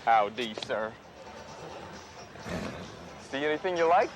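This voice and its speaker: A man's voice: medium pitch, expressive, slow, noisy background. An actor playing a folksy, eager, nervous male car salesman. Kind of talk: 1980s sitcom acting.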